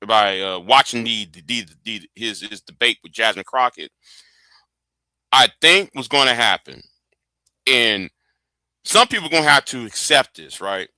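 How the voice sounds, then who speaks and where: A man's voice: mid-range voice, animated, measured pace, long pauses, pushed and bright, no room sound. A middle-aged man, hosting a casual political livestream and rambling through stammers and restarts. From Texas. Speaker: livestream host.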